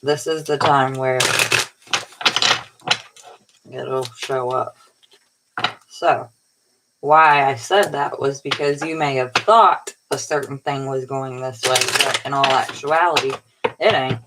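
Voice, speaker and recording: A woman's voice: a bass voice, steady tone, unhurried, heavy background noise. A woman tarot reader giving a casual, rambling spiritual pep talk in a colloquial way, sounding tired. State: tired, yawning.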